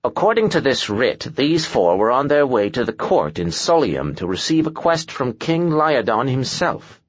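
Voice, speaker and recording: A man's voice: mid-range voice, big pitch swings, moderate pace, no echo, lo-fi sound. A man voicing a pedantic, precise male scholar in an audiobook, who speaks with dry gloom.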